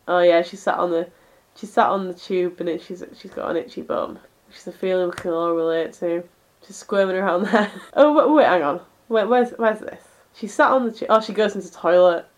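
A woman's voice: on the low side, a little fast. Giggly woman co-hosting a podcast. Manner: giggly, reads manga panels aloud in mock-breathy voice. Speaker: podcast co-host. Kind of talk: casual podcast chat.

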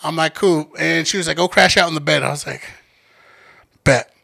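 A young man in his twenties casually telling a story, animated, acting out quoted lines and swearing a lot. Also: a little high, moderate pace, creaky.

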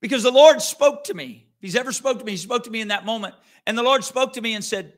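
A man's voice: very high voice, fast, few pauses. A middle-aged man, a pastor, telling a story in an earnest, conversational sermon with frequent restarts.

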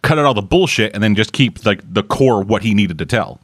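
A man's voice: lowish voice, lively intonation, fairly quick, dry recording, clean studio sound. A man hosting a comic book podcast, chatting loosely with co-hosts and swearing casually. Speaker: podcast host. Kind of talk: casual chat.

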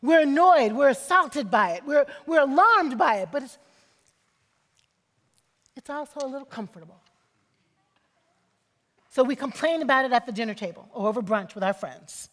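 A woman's voice: high voice, expressive, normal speed, long pauses, long reverb tail. A woman preaching a sermon, emphatic and repeating phrases for effect, calling on the congregation for amens.

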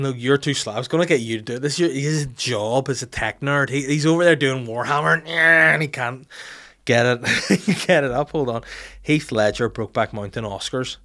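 A man's voice: medium pitch, a bit bright. Sweary man ranting in comic monologue. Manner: irreverent, sweary, laughs at his own jokes. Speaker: host.

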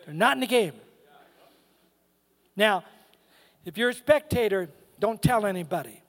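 A man with a very high-pitched voice delivers a lively guest sermon, joking with the congregation and hammering his points home. His voice rings out with a long reverb from the church hall around him. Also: measured pace. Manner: humorous, emphatic, calls out to the congregation. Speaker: guest preacher. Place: church sanctuary.

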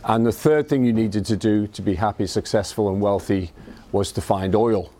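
A man's voice: on the low side, mellow. Scouse man giving an anecdotal talk. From Liverpool, England. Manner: anecdotal, self-deprecating, halting restarts. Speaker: invited speaker. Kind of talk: evening talk to an audience.

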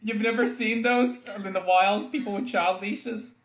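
A man's voice: high voice, steady tone, unhurried. A man co-hosting a podcast, adding joking asides in casual chat. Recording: dull lo-fi podcast audio.

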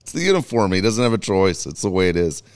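A man's voice: low-pitched, big pitch swings, fast, a little mellow. A middle-aged man from Tennessee co-hosting a talk show, blunt and profane, laughing through his stories in casual chat. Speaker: radio show co-host. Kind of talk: casual storytelling banter.

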